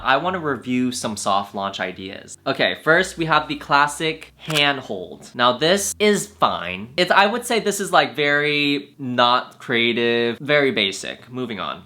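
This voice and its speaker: A young man talks straight to camera in a loose, confiding chat. His voice is bright and forward, and for quoted lines he sometimes jumps up into a high, playful register before settling back into plain talk. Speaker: vlogger.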